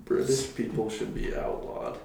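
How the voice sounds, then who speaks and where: A man co-hosting a podcast in casual joking chat, laid-back and quick to laugh. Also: fairly low pitch, very animated, creaky, dark tone. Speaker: podcast co-host. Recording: echoey room, faint noise.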